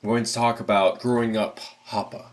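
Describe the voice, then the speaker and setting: A man's voice: lowish voice, level tone, fairly quick. A man with an American accent hosting a casual livestream, rambling with lots of fillers and restarts. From United States. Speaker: livestream host.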